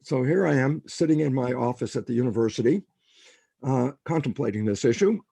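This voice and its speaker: A man's voice: medium pitch, fairly quick, vocal fry, husky, no echo. An older man, a scientist guest in a podcast interview, telling stories and acting out the lines of people in them. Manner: animated storyteller, acts out quotes.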